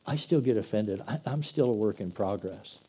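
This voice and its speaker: A man's voice: fairly low pitch, moderate pace, warm tone, slightly rough, low-quality recording. A man preaching an earnest, conversational sermon that swells into emphatic bursts. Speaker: pastor.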